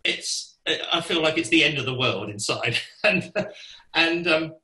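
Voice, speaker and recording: A man, telling a lively anecdote as a podcast guest, laughing and swearing casually as he goes. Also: on the high side, measured pace, echoey room, poor audio. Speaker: guest musician. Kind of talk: anecdotal storytelling.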